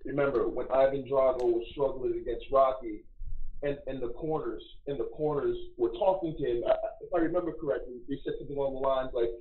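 A man calling in to a live show, talking in a quick, casual way and swearing freely. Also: medium pitch, steady tone. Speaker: caller. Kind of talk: phone-in chat. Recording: tinny phone line.

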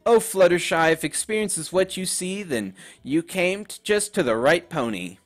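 A man's voice: high voice, lively intonation, moderate pace, soft background music. A man voicing a posh, dramatic female pony in a game, with an affected, refined, theatrical delivery. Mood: haughty. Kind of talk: reading game dialogue aloud.

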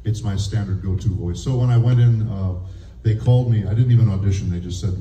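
A man who is a voice actor and speech teacher, giving a lively, demonstrative convention panel talk and laughing often. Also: lowish voice, brisk, a little hiss or hum. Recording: echoey room heard from a distance.

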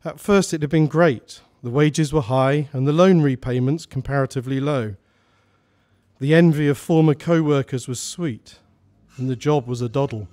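A man reads a short story aloud at a live salon. His narration is steady and measured, at an ordinary middle pitch. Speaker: author reading a story.

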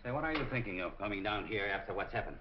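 Man playing a curt crook boss, low pitch, sneering, muffled 1940s film audio. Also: animated, fast, background noise, close to an everyday voice. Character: hard-nosed male crook running a shady business. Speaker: criminal boss. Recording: dull old film soundtrack.

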